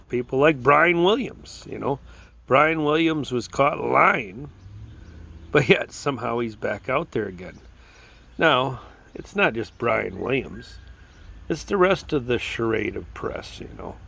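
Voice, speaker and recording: A man's voice: mid-range voice, animated, unhurried, creaky, sharp tone. A man delivering a casual, indignant political rant, often repeating "you know" as a filler. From United States. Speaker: political commentator.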